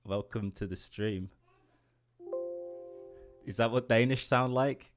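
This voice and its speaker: A man's voice: medium pitch, slow pace, faint music behind. An English man in his late twenties, an indie game developer chatting casually on a livestream while drawing, rambling, easily distracted, laughing often and swearing casually. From England. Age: late 20s.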